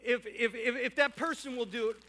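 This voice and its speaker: Pastor, male, higher pitch, animated preaching with hushed asides. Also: fairly quick, noisy background. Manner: animated, shifting between loud calls and quiet asides. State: out of breath at times. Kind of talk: sermon. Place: church sanctuary.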